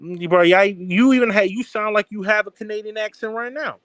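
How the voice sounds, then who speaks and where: A man's voice: high voice, steady tone, brisk, a bit bright, no echo. Brash young man trash-talking, dry sound. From Baltimore, Maryland. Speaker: podcast co-host. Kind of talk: heated sports banter.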